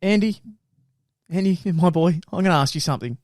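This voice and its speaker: A man's voice: high voice, fairly quick, darkish tone, dry recording, clean studio sound. A man co-hosting a podcast, interjecting with jokes and playing up mock outrage in an improvised skit. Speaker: podcast co-host. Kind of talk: improvised comedy news skit.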